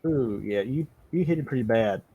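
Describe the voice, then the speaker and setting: A man's voice: mid-range voice, expressive, moderate pace, warm tone, highs cut off, a little hiss or hum. A man narrating a tabletop game as game master, stumbling over and repeating words and laughing often.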